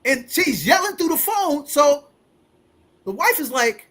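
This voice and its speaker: Animated storytelling man in his forties. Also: very high-pitched, moderate pace. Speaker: host. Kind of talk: casual storytelling.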